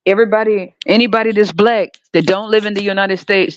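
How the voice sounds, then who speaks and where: A woman's voice: medium pitch, steady tone, fairly quick, no echo. Woman ranting bluntly on a lo-fi recording. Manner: blunt, heated, sarcastic, swears heavily. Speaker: podcast host. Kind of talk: profane ranting monologue. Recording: dull lo-fi dry recording.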